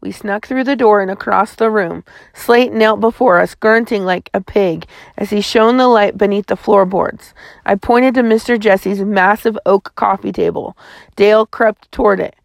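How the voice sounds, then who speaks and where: A woman's voice: medium pitch, normal speed, vocal fry, dry recording. Woman reading a storybook aloud. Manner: steady first-person reading. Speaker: audiobook reader. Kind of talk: scripted storybook narration.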